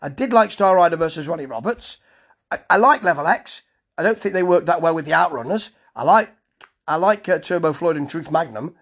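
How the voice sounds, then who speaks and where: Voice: medium pitch, lively intonation, a little fast, fairly bright tone. A reviewer casually running through a wrestling show, dropping dry, sardonic asides.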